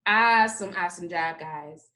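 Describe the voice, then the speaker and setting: A woman's voice: lowish voice, bright, forceful tone, a little hiss or hum. A woman kindergarten teacher giving a recorded phonics lesson, stretching out sounds one at a time and praising the children often. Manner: slow, exaggerated sound-by-sound modeling with upbeat praise.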